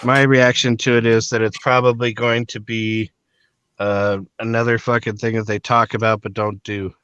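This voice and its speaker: A man's voice: mid-range voice, flat delivery, moderate pace, a bit bright, clean tone, no room sound, lo-fi sound. A man co-hosting a casual podcast chat, rambling and profane with many fillers. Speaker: podcast co-host.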